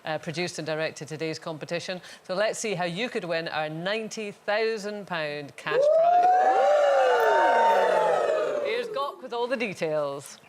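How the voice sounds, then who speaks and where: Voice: mid-range voice, sing-song, a little slow, very noisy. A host presenting a talk show and teasing guests.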